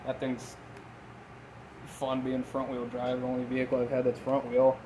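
A young man from Minnesota talks in a loose, easy way and swears freely while he tells old stories. His voice sits at a middle pitch. A faint hiss runs under the recording. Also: monotone, moderate pace. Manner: laid-back, swears freely, laughs while telling stories. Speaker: podcast host. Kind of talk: casual chat.

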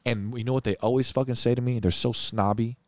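A young man from California in casual chat, animated and argumentative, swearing freely as he tells stories. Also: medium pitch, quick pace, dry recording. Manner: animated storytelling, puts on voices for quotes.

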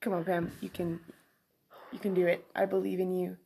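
A woman's voice: fairly low pitch, flat delivery, moderate pace, creaky, warm tone, a little hiss or hum. A woman co-hosting a coffee podcast in casual chat, teasing and playful. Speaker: podcast co-host.

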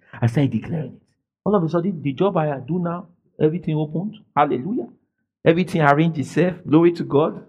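A man preaching a sermon from Nigeria, animated, swinging from quiet asides to shouted declarations. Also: on the high side. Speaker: pastor. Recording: faint music behind.

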